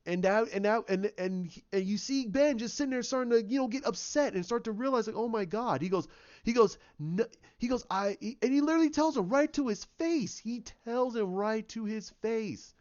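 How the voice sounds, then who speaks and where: A man's voice: extremely high pitch, a little fast, a little mellow, lo-fi sound. A man giving an opinionated, emphatic movie review, often repeating himself. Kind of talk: casual movie review rant.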